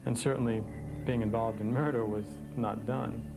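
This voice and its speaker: A man's voice: medium pitch, fairly even intonation, normal speed, gravelly, low-quality recording. A man interviewed for a documentary, explaining historical background in a storytelling tone. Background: music bed.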